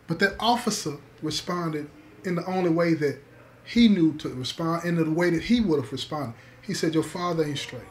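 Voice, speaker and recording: A man telling a story to listeners, emphatic, repeating key words and calling them "y'all". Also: on the high side. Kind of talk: spoken storytelling to an audience.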